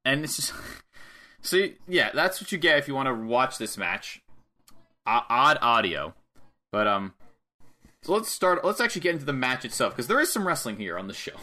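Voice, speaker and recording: A man's voice: medium pitch, very animated, normal speed, pauses often, bright, forceful tone. A man in casual chat recapping a wrestling match play by play, often laughing and acting out the wrestlers' lines. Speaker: podcast co-host.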